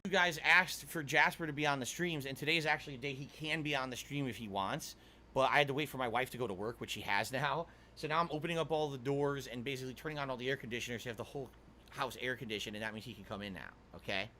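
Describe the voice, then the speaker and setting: A man's voice: mid-range voice, fast talker, bright, forceful tone. A man streaming from home, talking to his chat in an exasperated, lecturing way, played as a clip.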